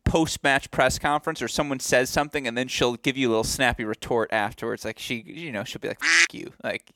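A man's voice: medium pitch, fairly even intonation, a little fast, a bit bright, no room sound, studio quality. A man co-hosting a casual podcast, laughing often and telling playful stories. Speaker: podcast co-host, tennis producer.

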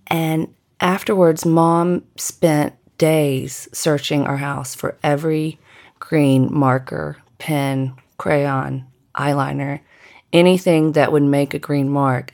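A middle-aged woman narrating a personal story in a measured, deliberate way. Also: low-pitched, a little mellow. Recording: guitar music underneath.

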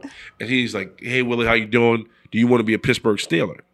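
A man's voice: medium pitch, fairly even intonation, fast, fairly bright tone. A middle-aged man, a former pro football player, telling a long story in a casual interview and acting out the voices of the people in it.

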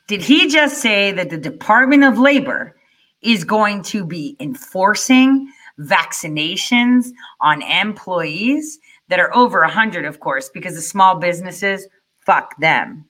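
Profane ranting woman, bright edge. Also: fairly low pitch, lively intonation, a little slow. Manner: ranting, profane, rhetorical questions. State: furious. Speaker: commentator reacting to a speech. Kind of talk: angry reaction commentary.

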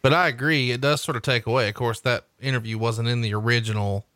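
A man's voice: mid-range voice, fast talker, dry recording, clean studio sound. A man co-hosting a podcast, talking casually and a bit hesitantly. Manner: relaxed, hesitant with fillers. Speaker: podcast co-host. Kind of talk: casual chat.

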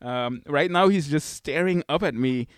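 A man's voice: on the high side, normal speed, clear, resonant tone, dry recording, studio quality. A man hosting a podcast in a casual, upbeat way, chatting and laughing while holding his baby son. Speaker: podcast host. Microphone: desk microphone.

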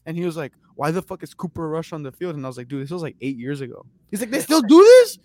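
A man's voice: on the high side, racing. Profane storytelling sports podcast man. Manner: storytelling, profane, acts out his brother. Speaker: podcast co-host. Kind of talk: casual sports chat.

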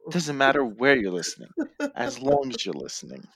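A man's voice: medium pitch, wildly swooping pitch, moderate pace, vocal fry, a bit bright, husky, no echo. A man co-hosting a casual wrestling recap podcast, playful and rambling, sounding tired and yawning. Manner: playful, jokey, rambling with fillers. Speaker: podcast co-host.

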